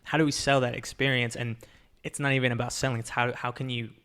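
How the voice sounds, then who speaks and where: A man's voice: medium pitch, flat delivery, quick pace, a bit bright. Man, podcast host, casual rambling chat, frequent fillers and restarts.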